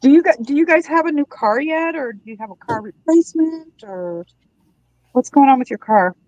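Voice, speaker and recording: A fairly high-voiced woman chats easily while crafting on a livestream. She muses aloud about her work and keeps the talk going as host. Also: lively intonation, normal speed, a little mellow, no room sound, highs cut off. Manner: chatty, musing aloud. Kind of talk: casual chat while crafting.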